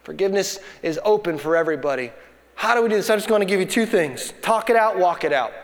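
A man's voice: high voice, animated, quick pace. A pastor in his thirties preaching a sermon, building to emphatic bursts and telling family stories. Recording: long hall reverb.

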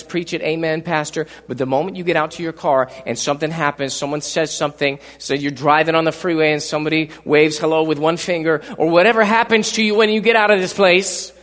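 A man preaching a fervent sermon as pastor, swinging from loud emphatic peaks to low asides and repeating words as he builds a point. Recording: live sermon with long hall reverb.

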